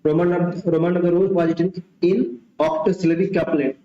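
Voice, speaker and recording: A man tutors for an exam in a mock test lecture, repeating himself and thinking aloud with fillers. His warm voice sits high, with fairly even intonation and a slightly fast pace, in a dull, roomy home recording.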